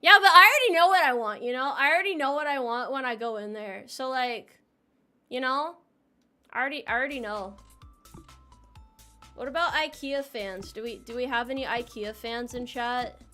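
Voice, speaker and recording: A woman's voice: fairly high pitch, moderate pace, pauses often, bright, forceful tone. A woman from the United States streaming a game and chatting live, playful and teasing, tripping over her words as she restarts sentences. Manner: playful, teasing banter with chat, frequent restarts. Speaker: VTuber streamer. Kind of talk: casual live-stream chat while playing a game. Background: faint game music.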